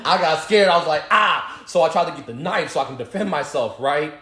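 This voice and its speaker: A man's voice: on the high side, expressive, brisk, a bit bright. A man in his thirties, co-hosting a podcast, riffing with jokes and laughter in casual chat. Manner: joking, exaggerated riffs with laughter. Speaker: podcast co-host. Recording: echoey room.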